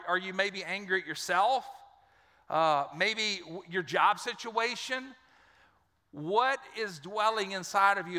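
In a church auditorium, a middle-aged pastor delivers a sermon in a high, very bright voice, spinning folksy, joking stories on the way to his point. The long reverb of the large hall swallows his trailing words.

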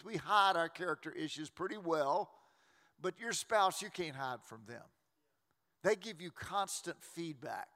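A man, preaching a sermon as a pastor in a folksy, joking way with quick restarts. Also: sits high, bright, forceful tone. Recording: long reverb of a large hall.

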